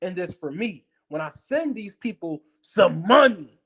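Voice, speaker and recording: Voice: medium pitch, sing-song, unhurried, fairly bright tone, full character voice. A speaker briefly voicing a smug businessman who boasts about sending money and getting more. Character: mock businessman boasting about money, a put-on of a public figure.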